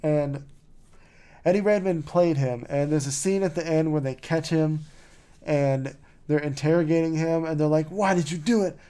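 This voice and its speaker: A man's voice: on the high side, steady tone, moderate pace, dark tone, smooth. A man hosting a podcast, chatting casually and rambling with lots of "like" and "you know" and wry, mocking asides. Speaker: podcast host. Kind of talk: casual chat.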